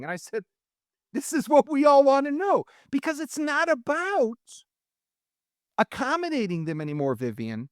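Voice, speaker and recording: A man's voice: high voice, sing-song, normal speed, dry recording, clean studio sound. A middle-aged man from Israel, a guest in a heated political discussion, talking emphatically and worked up, with many restarts.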